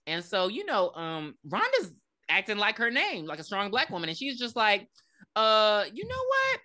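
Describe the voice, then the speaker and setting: A woman co-hosting a podcast, recapping a horror movie in casual, profane, animated chat. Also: medium pitch, normal speed. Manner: profane, animated storytelling with laughs. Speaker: podcast co-host. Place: podcast recording.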